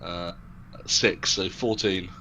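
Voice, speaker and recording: A man playing a tabletop game, casual and excitable, swearing freely. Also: sits low, slow, a little hiss or hum. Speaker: player.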